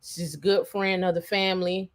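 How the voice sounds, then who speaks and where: A woman's voice: lowish voice, fairly even intonation, normal speed. A woman hosting a casual tech livestream, talking in a rambling way with many fillers and restarts. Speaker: show host.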